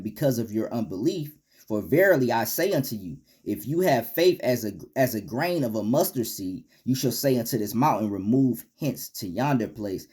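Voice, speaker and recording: A man in a mid-range voice leads a Bible lesson in relaxed street slang, reading old scripture and then translating it for his listeners. His pitch rises and falls a lot, climbing sharply on rebukes and sinking on quiet asides, and "man" caps off nearly every phrase. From United States. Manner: animated, swings from loud rebukes to low asides. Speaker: Bible teacher.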